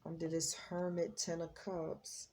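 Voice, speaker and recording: A woman's voice: on the low side, monotone, a little slow, a little mellow. A woman hosting a tarot reading, talking in a chatty, slangy way and exclaiming as she reads the cards. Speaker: psychic tarot reader, host.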